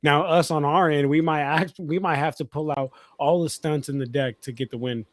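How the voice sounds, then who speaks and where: A man's voice: fairly high pitch, steady tone, normal speed, dry recording, clean studio sound. A man co-hosting a casual sports talk show, chatty and leaning heavily on fillers as he talks. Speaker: co-host.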